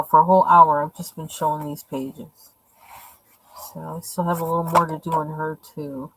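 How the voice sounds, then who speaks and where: A woman with a fairly low voice talks casually at home, showing her coloring pages and thinking aloud. Her chat is loose and rambling, full of small asides. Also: a bit bright, rough recording. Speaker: coloring channel host. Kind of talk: casual show-and-tell.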